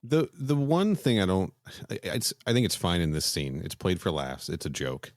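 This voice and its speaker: A man with a very low, deep voice, co-hosting a casual podcast and walking through film scenes with frequent fillers. The sound is dry and close, with no room echo. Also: animated, moderate pace, darkish tone. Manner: chatty, recaps scenes with many fillers. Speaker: podcast co-host.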